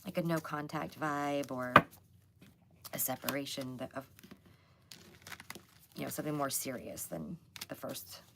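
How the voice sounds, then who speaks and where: Low, gravelly-voiced woman reading tarot. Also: measured pace, pauses often, very noisy. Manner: chatty, loose, many fillers. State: hoarse, losing her voice. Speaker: psychic tarot reader hosting a live stream. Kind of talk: casual live tarot reading.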